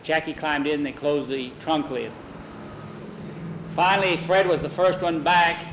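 A man telling a story aloud in a plain, unhurried way. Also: a little high, fairly even intonation, noisy background.

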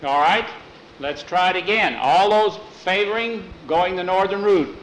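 A man storyteller voicing a calm, persuasive wagon-train leader who reasons with a crowd. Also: high-pitched, a little slow, a little hiss or hum, voice pushed up, low-quality recording. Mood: decisive.

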